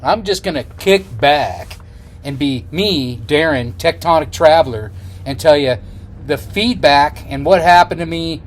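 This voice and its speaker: A man's voice: fairly high pitch, a little slow. A middle-aged man rambling to his camera on the road in a slightly raised voice, full of fillers and restarts. He sounds like an easygoing travel vlogger talking whatever comes to mind, recorded on a plain camera mic outdoors. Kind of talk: casual chat to camera.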